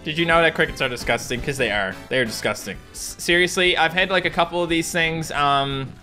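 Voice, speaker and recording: A man's voice: on the high side, fairly quick, pushed and bright, soft background music. A young man hosting a let's play, chatting casually and rambling off into asides to his viewers. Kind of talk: casual game commentary.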